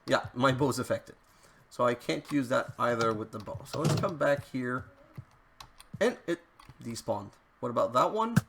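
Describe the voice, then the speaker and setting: Gravelly man narrating his gameplay. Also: medium pitch, expressive, normal speed, very noisy. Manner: chatty, easily frustrated, talks to the game. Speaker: let's play host. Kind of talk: gameplay commentary.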